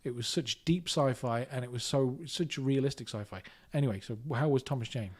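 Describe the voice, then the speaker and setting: A man co-hosting a podcast who chats casually and chips in with quick jokes. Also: medium pitch, breathy edge. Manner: jokey, quick interjections. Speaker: podcast co-host. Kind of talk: casual chat.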